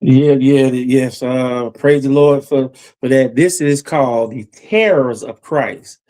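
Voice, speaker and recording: A man's voice: medium pitch, takes it slowly, warm tone. A man preaching a Bible lesson about judgment, emphatic and repetitive, his voice climbing as he warns. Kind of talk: Bible teaching sermon.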